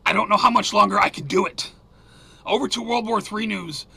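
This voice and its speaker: A man hosting a solo news commentary show, reading headlines and ranting angrily, swearing and sometimes yelling. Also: sits high, fairly quick, creaky, husky.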